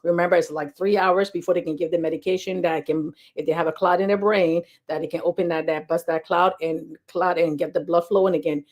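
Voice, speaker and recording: A woman health educator talking fast and casually to camera, repeating key points with lots of fillers. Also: on the low side, steady tone, a little mellow. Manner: talks fast.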